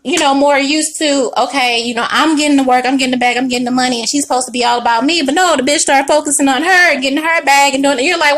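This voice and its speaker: Woman, high voice, tarot reading, casual monologue, blunt, profane, animated. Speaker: tarot reader.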